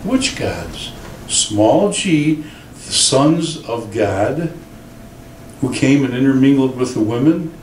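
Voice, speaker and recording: A man, a pastor, preaching a sermon in an animated, storytelling way in a church. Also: mid-range voice, slow, slight background noise. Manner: animated storytelling with acted quotes. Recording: roomy church sound from a distant mic.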